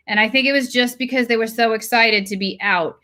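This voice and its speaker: A woman's voice: fairly high pitch, fairly quick, sharp tone. A woman co-hosting a livestream, chatting casually, sharing home stories and prompting with questions.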